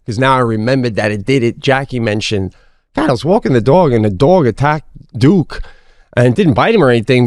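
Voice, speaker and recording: A middle-aged man co-hosting a podcast, telling a story in casual chat, animated and swearing freely, acting out his own shouting. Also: medium pitch, a little fast, no room sound, clean studio sound. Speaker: podcast co-host.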